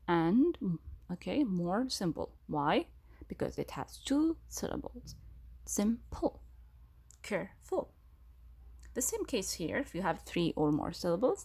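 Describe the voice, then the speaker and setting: Slow, gravelly woman teacher. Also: fairly low pitch, darkish tone. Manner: slow, repeats key words, asks questions. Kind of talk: grammar lesson.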